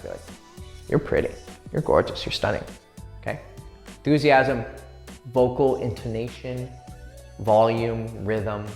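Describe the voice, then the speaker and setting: Brash, cussing dating coach in an echoey room. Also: male voice, mid-range voice. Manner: brash, crude and swaggering, acts out quick pick-up lines. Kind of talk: profane, direct dating advice. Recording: echoey room with long reverb and faint music.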